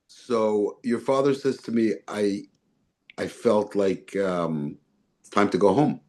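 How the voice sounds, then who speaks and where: A man's voice: fairly low pitch, slow. A man, a guest speaker, telling a personal story and acting out the voices of the people in it. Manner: animated storyteller, acts out quoted voices. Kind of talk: storytelling talk.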